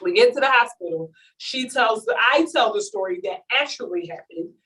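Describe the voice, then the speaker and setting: A woman giving a talk at a launch event, telling a comic story in an animated way and acting out the quotes. It is recorded on a distant mic at an event. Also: a little high, moderate pace.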